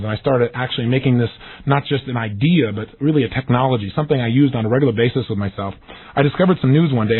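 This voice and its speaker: A man's voice: a little high, slightly rough. A man giving an emphatic motivational seminar talk, acting out the questions he quotes. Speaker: motivational speaker. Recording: tinny lo-fi audio recording.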